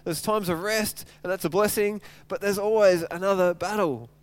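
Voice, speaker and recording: A man's voice: high voice, moderate pace, clean tone, no room sound. A man preaching a sermon, retelling scripture in casual everyday language with lots of stumbles and repeated words. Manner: animated storytelling, retelling scripture in casual speech. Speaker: pastor.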